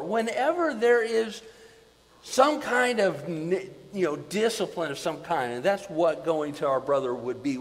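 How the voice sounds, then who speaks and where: Man pastor preaching a sermon, higher voice, long echo like a big hall. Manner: preaching with dramatic swings in volume, repeating words.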